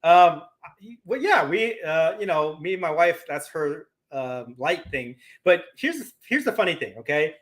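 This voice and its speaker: A man's voice: fairly high pitch, sing-song, a little slow. Rambling man telling a story. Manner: rambling, stop-start storytelling with many fillers. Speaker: co-host of a card collecting show. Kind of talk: casual livestream chat.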